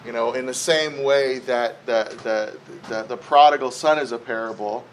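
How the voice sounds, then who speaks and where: A pastor, a man, preaching a sermon in a church in a conversational way, with lively retellings and frequent restarts. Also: medium pitch, normal speed, a little hiss or hum, low-quality recording.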